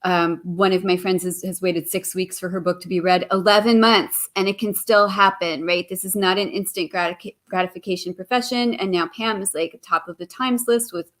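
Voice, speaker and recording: A middle-aged woman hosting a casual interview, chatty and enthusiastic and quick to laugh. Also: lowish voice, steady tone, fairly bright tone. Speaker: host.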